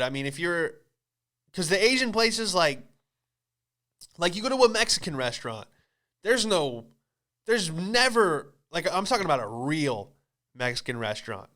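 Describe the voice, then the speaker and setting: A male comedian tells a story on his podcast with an animated, exclamatory delivery full of swearing. His voice is bright, clear and sits fairly high for a man.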